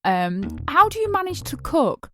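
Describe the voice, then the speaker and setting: A woman's voice: high voice, big pitch swings, unhurried, music in the background. Hesitant woman co-hosting a podcast. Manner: hesitant, many fillers and restarts, curious. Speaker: podcast co-host. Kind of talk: casual podcast chat.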